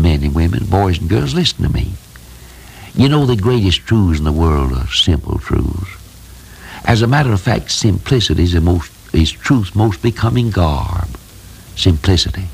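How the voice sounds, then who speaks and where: A man's voice: low voice, vocal fry, darkish tone, slightly rough. A man preaching a sermon in a folksy, plain-spoken, emphatic way, telling simple stories.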